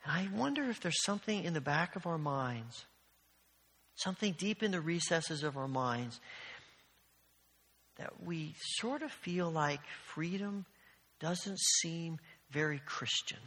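A man preaches from the front of a church, his voice bright and forceful and pitched a little high. He tells stories earnestly and with animation, and his words ring out with the long reverb of the sanctuary. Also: a little slow, breathy edge. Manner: storytelling with animated, earnest delivery. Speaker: pastor. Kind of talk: sermon.

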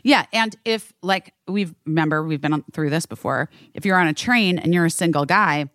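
Speaking at a moderate pace in a low voice, this podcast co-host, a woman in her thirties, animatedly tells a story in casual conversation. She acts out quotes and swears freely. The studio-quality audio has no room sound.

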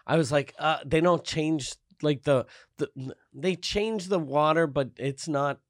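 A man's voice: fairly high pitch, a little slow, dry recording, studio quality. A married man, chatting loosely and profanely with friends. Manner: loose, profane, laughing chat. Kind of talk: casual chat.

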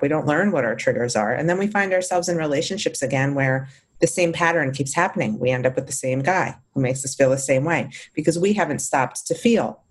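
A woman hosting an interview who chats casually and speaks in an emphatic, enthusiastic, somewhat preachy way. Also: sits low.

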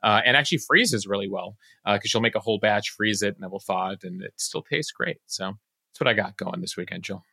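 A man co-hosting a conversational news podcast, talking in a relaxed, chatty way with frequent "uh" fillers. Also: fairly low pitch, a little fast, gravelly, no room sound, studio quality.

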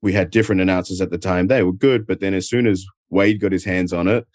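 A man's voice: sits low, steady tone, quick pace, darkish tone, dry recording, clean studio sound. A man with an Adelaide Australian accent, chatting easygoingly as an interview guest from home, rambling with lots of filler words. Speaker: guest, professional wrestler. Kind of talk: casual interview chat.

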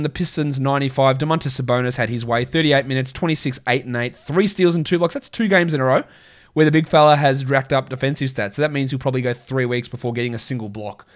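A man hosting a casual sports podcast with a crackly voice, chatty and opinionated, rattling off stats in quick lists. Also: a little high. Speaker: podcast host.

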